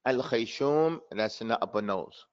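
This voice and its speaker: A man's voice: mid-range voice, animated, fast talker, highs cut off. A man teaching a tajweed class, calling on students by name and switching between Arabic and English. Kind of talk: classroom lesson.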